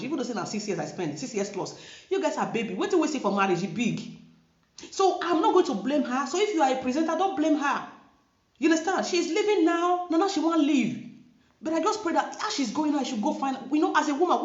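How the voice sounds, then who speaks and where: Nigerian lady ranting to camera, pitch swinging all over, echoey room, kinda dull lo-fi sound. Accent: Nigerian Pidgin-inflected English. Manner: emphatic, preachy, repeats herself. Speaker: vlogger. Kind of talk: casual commentary to camera.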